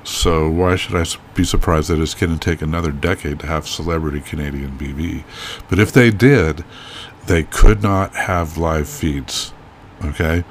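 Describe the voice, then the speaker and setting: Low-voiced guy rambling and joking on a podcast, lots of restarts, a little background hiss. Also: normal speed. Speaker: podcast co-host. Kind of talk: casual chat.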